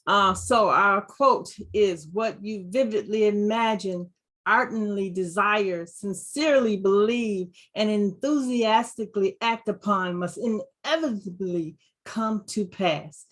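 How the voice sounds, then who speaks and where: A woman from Georgia in the United States gives an enthusiastic motivational talk on a video call. Her voice is at a middle pitch. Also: a bit bright. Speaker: segment presenter.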